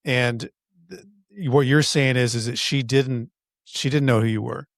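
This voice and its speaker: A man hosting a podcast interview, asking halting, clarifying questions of his guest. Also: mid-range voice, fairly even intonation, creaky, no room sound. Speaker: podcast host. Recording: dry audio.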